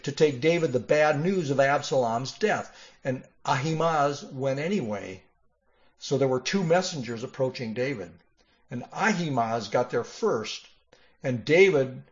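A male pastor preaches and reads scripture aloud, leaning into the dramatic lines. His voice sits at an ordinary middle pitch. The recording is a little dull and muffled. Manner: reads scripture aloud with expressive emphasis, ends in quiet prayer. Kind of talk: sermon.

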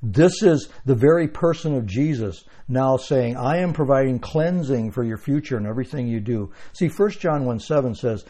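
A man delivers a teaching sermon in a mellow, warm voice, working through scripture verse by verse. He stresses key words by repeating them and speaks at a middle pitch. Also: expressive, moderate pace. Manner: teaching, explains verses, emphatic repetition. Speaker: pastor.

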